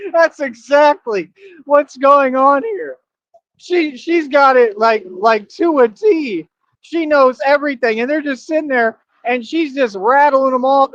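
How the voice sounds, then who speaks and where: A man's voice: very high voice, a bit bright, no room sound, muffled recording. A man live-streaming while walking outdoors, rambling and laughing constantly, repeating himself.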